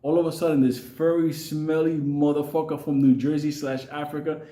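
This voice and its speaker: A man's voice: fairly high pitch, flat delivery, moderate pace, mellow. A man telling a wild story, swearing constantly and laughing through his lines. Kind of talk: profane comic storytelling. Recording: echoey room.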